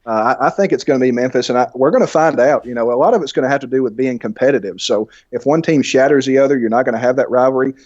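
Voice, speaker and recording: A man with a deep, thick Alabama accent, chatting fast and laughing often as a podcast guest. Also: darkish tone, no room sound, highs cut off. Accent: Southern US, Alabama. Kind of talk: casual chat.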